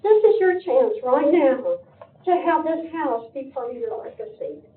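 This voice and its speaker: Her voice sits high and expressive, and she takes her time. She's an older woman making a tearful plea in public comment at a county meeting, her voice cracking, captured in echoey, phone-like meeting audio.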